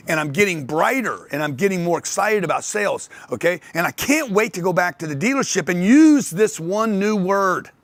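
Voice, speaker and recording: Animated older man telling stories. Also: high-pitched, brisk, few pauses, no room sound. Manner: animated storytelling, acts out others' voices. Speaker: speaker on sales and wealth. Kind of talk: motivational talk to an audience.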